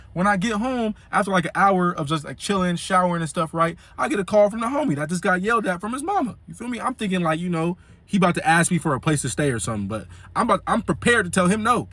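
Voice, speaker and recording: A man telling a funny story in an animated, slangy way. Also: sits high, no room sound. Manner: animated and slangy, repeating "you feel me". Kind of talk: comedic storytime.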